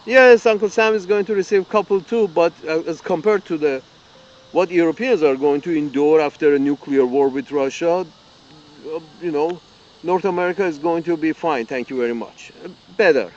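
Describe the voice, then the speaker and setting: Speaking at a moderate pace, a man with a fairly high pitch and darkish tone rants as a political commentator in a profane, angry open letter. He keeps repeating himself and restarting, and the highs are cut off.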